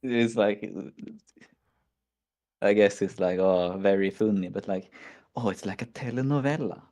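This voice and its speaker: A man's voice: fairly low pitch, unhurried, darkish tone. A man with a Swedish accent hosting a casual chat stream, rambling through stories and acting out his own reactions. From Sweden. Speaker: stream host.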